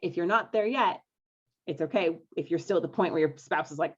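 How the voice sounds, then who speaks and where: A woman's voice: low-pitched, a little fast, vocal fry, breathy edge. A woman coaching couples in a live online masterclass, upbeat and coaxing, often checking in with her listeners. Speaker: marriage coach hosting a live webinar. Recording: dull lo-fi webinar audio.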